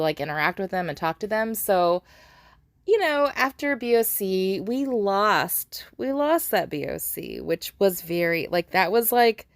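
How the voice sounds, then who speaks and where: Young woman rambling about her game session, giggles a lot, dry close sound, mid-pitched. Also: clear, resonant tone, no echo. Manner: laughs often, breaks into giggles; chatty, rambling, frequent restarts and "like". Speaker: gaming channel host. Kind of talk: casual gaming vlog commentary.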